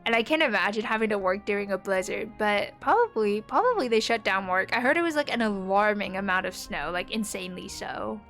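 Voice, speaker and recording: A woman's voice: mid-range voice, brisk, hardly any pauses, fairly bright tone, faint music behind. A young woman from the United States with a neutral American accent, chatting casually with viewers while she plays a game, rambling with lots of fillers. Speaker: streamer.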